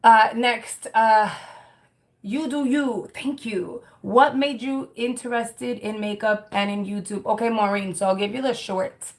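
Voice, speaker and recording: A woman's voice: fairly high pitch, unhurried. A woman in her thirties talks to her livestream viewers in a loose, rambling way. She restarts her sentences often and fills the gaps with "um" and "like". Her delivery is candid and conversational. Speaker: livestream host reading chat comments. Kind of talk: casual chat.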